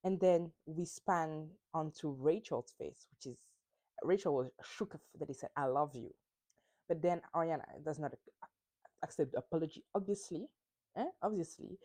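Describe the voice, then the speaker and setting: A woman's voice: low-pitched, normal speed, mellow, dry recording. A woman hosting a podcast, recapping reality TV in a casual, emphatic way and swearing freely. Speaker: podcast host.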